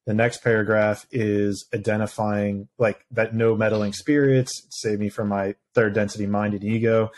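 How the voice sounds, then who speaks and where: Low-voiced male podcast host. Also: little pitch movement, normal speed, hardly any pauses. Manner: reflective, thinks aloud with restarts and fillers. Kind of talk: casual interview chat.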